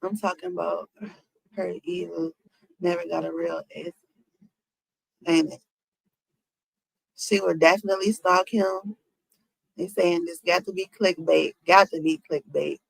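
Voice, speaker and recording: This streamer's voice is fairly low, husky, and steady, a little slow with vocal fry and frequent pauses; the audio is poor but has no echo. She reacts casually to celebrity gossip, talking straight to her viewers with rhetorical questions in African American Vernacular English.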